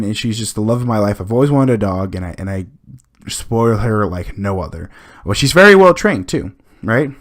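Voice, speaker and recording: A podcast host telling a long rambling story in casual chat, full of restarts and fillers, acting out what people said. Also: male voice, mid-range voice, a bit bright.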